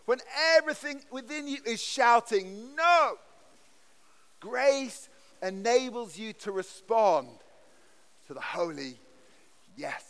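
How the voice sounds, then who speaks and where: A man's voice: very high voice, lively intonation, slow. A man preaching a sermon in a church, earnest and emphatic, often restarting his words. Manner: earnest, emphatic delivery with frequent stammered restarts. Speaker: pastor.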